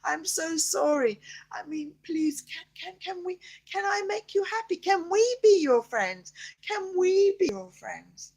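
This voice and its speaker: An older woman voicing a gentle female pet dog who pleads softly and tearfully in a bedtime story. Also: very high-pitched, animated, measured pace, pitched above the performer's own voice, full character voice. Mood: pleading.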